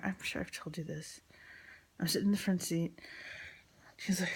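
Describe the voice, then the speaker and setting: A woman's voice: fairly low pitch, steady tone, normal speed, creaky, pauses often, breathy edge. A woman in her forties from New York telling a personal story in a frank, rambling way with lots of fillers and swearing.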